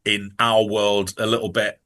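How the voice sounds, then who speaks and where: Bright-voiced, halting man. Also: on the low side, level tone. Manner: rambling, halting with many restarts. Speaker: podcast co-host. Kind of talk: casual film chat.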